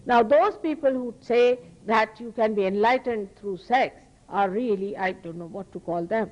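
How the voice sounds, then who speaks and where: A woman from India with an Indian accent, giving an earnest, emphatic spiritual lecture as a teacher to an audience, with pauses and restarts. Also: medium pitch, dull audio.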